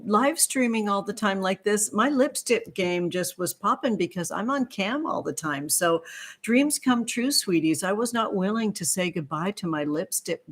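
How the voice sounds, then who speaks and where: A woman hosting a tarot livestream, chatting warmly with viewers and gushing over their comments with pet names. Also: lowish voice. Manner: effusive, gushing, calls viewers sweetheart. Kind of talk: live-stream chat with viewers.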